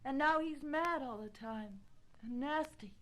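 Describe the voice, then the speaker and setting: An anxious young Brooklyn woman pleads in an earnest, somewhat high voice. She is torn and insistent, and it plays as a scene from a film drama. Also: measured pace, a bit bright, poor audio.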